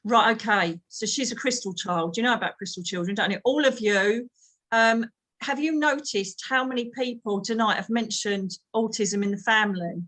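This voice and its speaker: British lady medium on a zoom call, kinda high voice, chatty, keeps saying darling. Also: normal speed. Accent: British English. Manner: chatty and warm, calls people darling, mild swearing. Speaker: psychic medium. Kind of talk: live video-call reading. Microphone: video call.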